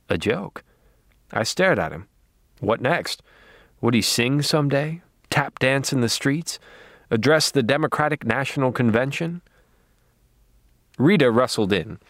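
A man narrating an audiobook in a dry, wry, deadpan manner. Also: mid-range voice, no room sound.

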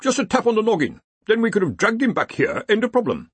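A man's voice: high voice, huge pitch swings, quick pace, slightly rough, dry recording, voice pushed up, exaggerated voice. A man voicing a fussy, argumentative older wizard dean in an audiobook. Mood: blustering.

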